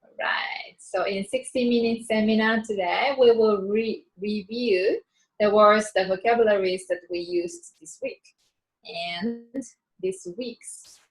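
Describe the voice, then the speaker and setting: A woman teaching English vocabulary in an online seminar, explaining slowly and patiently with frequent fillers and restarts; her first language is Japanese. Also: mid-range voice, rough recording. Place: online session.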